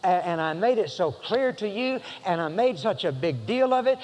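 A man's voice: sits high, animated, normal speed, few pauses, a little mellow, in a large hall, poor audio. A man preaching a sermon, rambling with many fillers and restarts, then building to emphatic passages.

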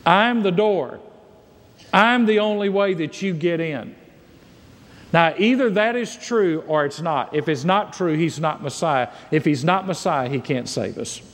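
A man's voice: on the high side, lively intonation, measured pace, big-room sound. A man preaching a sermon as pastor, reading and paraphrasing scripture with emphatic delivery.

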